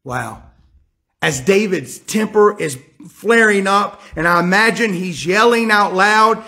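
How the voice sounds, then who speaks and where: A man preaches with a high, gravelly voice. His delivery is emphatic, and he leans on rhetorical questions to press each point. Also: animated, moderate pace, pushed and bright. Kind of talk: sermon.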